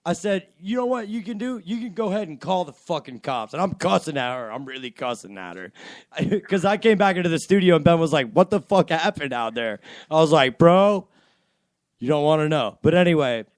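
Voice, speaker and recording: A young man hosting a casual home-studio radio show, telling a profane story with animated energy and laughter. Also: fairly high pitch, brisk, dry recording. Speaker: podcast host. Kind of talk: crude casual radio banter.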